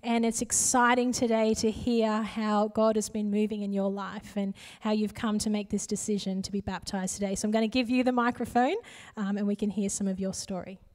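A woman's voice: medium pitch, flat delivery, brisk. A woman leading a church service, cheerfully welcoming a baptism candidate up to speak. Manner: warm, encouraging. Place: church sanctuary.

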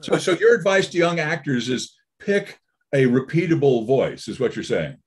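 A man's voice: a little high, moderate pace, slightly rough. A man, a game voice actor, telling stories expressively in a casual panel chat. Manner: expressive, storytelling.

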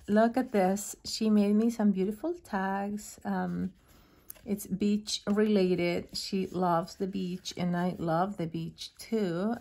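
On her own craft channel, a woman with a medium-pitched voice casually unboxes a gift. She gushes over each item with soft, admiring remarks and plenty of fillers.

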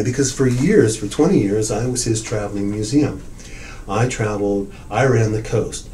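Older man telling an animated story. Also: fairly low pitch, moderate pace, slight background noise, low-quality recording. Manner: animated storyteller, acts out quotes, swears. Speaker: art dealer, interviewee. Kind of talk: oral history interview, storytelling.

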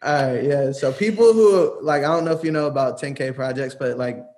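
This young music producer, a guest in a casual interview, has a mid-range, darkish voice and talks briskly. He's laid-back and rambling, laughing easily and filling his speech with lots of "like"s and other fillers.

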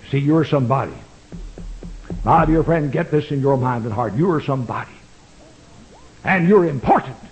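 Man, old-time pastor, fervent preaching, high voice, lively swings in pitch, old radio broadcast sound. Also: rough recording. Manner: impassioned preaching with dramatic swings in pitch and volume. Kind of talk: fiery old-time sermon. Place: church sanctuary.

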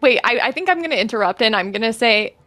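A woman playing a tabletop game, casual and quick to laugh. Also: on the high side, expressive, pushed and bright, dry recording, faint music behind. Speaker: player. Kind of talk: tabletop role-play.

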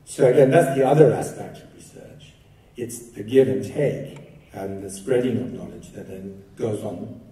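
Man, keynote lecturer, low mellow voice, anecdotal and wry, echoey hall, distant mic. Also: normal speed. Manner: conversational, lightly humorous storytelling. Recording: echoey hall, picked up from afar.

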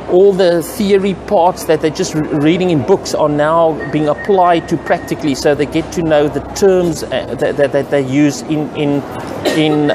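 An earnest man shares his views in a casual vlog. His voice sits a little high, and he often restarts and repeats words while he works out his point. Clear outdoor traffic noise runs beneath him. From South Africa. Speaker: computer training business owner. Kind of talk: casual talking-to-camera opinion vlog.

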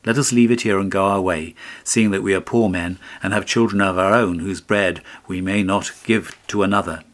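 A man's voice: deep voice, steady tone, normal speed, lightly acted. A man voicing a grudging, practical woodcutter in a storybook reading, speaking bluntly. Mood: grumbling. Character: poor grudging male woodcutter comrade.

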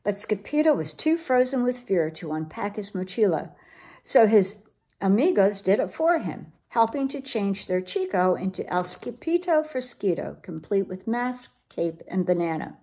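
A woman reading a children's picture book aloud in an expressive, lively way. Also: mid-range voice, moderate pace, husky. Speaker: storyteller.

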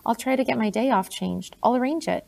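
A woman reading an audiobook, voicing an earnest young male British soldier who speaks in a gently insistent way. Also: fairly high pitch, fairly quick, creaky.

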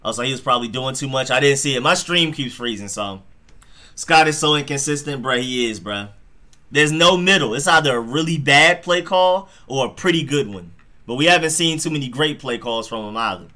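A man hosting a live football reaction stream, talking straight to his chat in an excitable, slangy way. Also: medium pitch, brisk.

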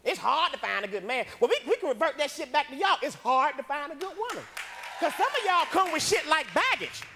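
High-voiced brash male stand-up comedian. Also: pushed and bright, a little hiss or hum. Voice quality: unusually high voice for a man. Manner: brash, profane, self-mocking. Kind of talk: stand-up routine. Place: comedy club stage with a laughing audience.

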